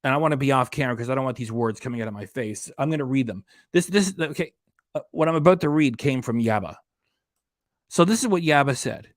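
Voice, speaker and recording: A man's voice: medium pitch, fast talker, no room sound, clean studio sound. A man hosting a reaction channel, ranting in an indignant, emphatic way and hammering home his points. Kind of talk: casual commentary rant.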